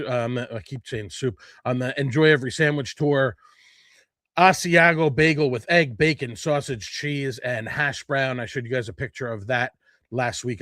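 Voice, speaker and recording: A man's voice: medium pitch, fairly bright tone, no room sound, clean studio sound. A man hosting a food blog update, talking casually to followers with lots of fillers and self-corrections. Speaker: food blogger host. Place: his home.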